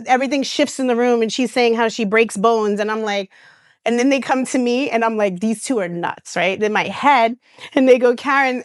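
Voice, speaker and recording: Animated storytelling woman with a smooth voice. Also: a little high, no room sound, clean studio sound. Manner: animated storyteller who acts out quoted voices, with restarts and laughs. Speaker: reality TV star and guest. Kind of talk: casual storytelling interview.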